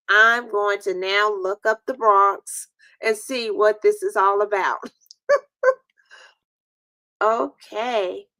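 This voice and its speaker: A woman's voice: mid-range voice, a bit bright, dry recording. Chatty New woman hosting a stream. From New York. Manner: laughs often, chatty and playful with viewers. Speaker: host. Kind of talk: casual live-stream chat.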